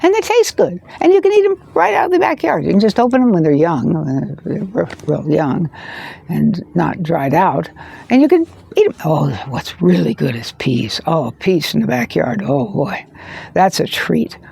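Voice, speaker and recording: A woman in her seventies, a farmer, telling stories to the camera in a gushing way that drifts into soft whispers. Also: fairly low pitch, big pitch swings, normal speed, gravelly, slightly rough, no room sound. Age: 70s. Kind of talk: casual storytelling to camera.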